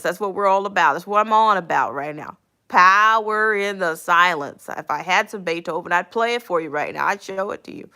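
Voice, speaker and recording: A woman's voice: medium pitch, pushed and bright. Woman in her 50s doing a casual livestream, reads comments, laughs a lot, says stuff twice. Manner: chuckles often, repeats phrases for emphasis. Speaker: livestream host reading viewer comments. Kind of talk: casual live-stream chat.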